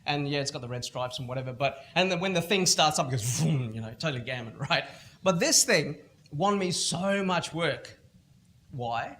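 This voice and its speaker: A middle-aged man with an Australian accent gives a keynote at a school event. His voice sits somewhat high, and he tells stories with animated energy, slipping into other people's voices as he goes. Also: normal speed. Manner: animated storytelling, acting out other people's lines. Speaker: motivational speaker. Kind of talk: keynote talk at a school festival.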